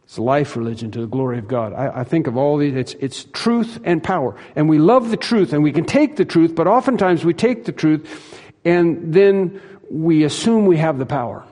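Emphatic preacher in a reverberant hall. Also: male voice, fairly high pitch, lively intonation, normal speed, warm tone. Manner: emphatic, repeats phrases for stress, acts out quoted lines. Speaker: pastor. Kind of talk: sermon.

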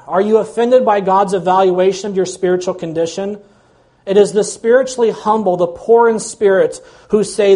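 A man's voice: high-pitched, darkish tone. A man preaching a sermon in an earnest, emphatic way. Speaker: pastor.

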